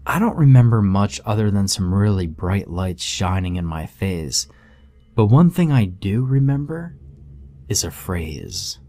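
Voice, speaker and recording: A man voicing a sleepy young husband who talks in a relaxed, slightly slurred way. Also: lowish voice, measured pace. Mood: drowsy.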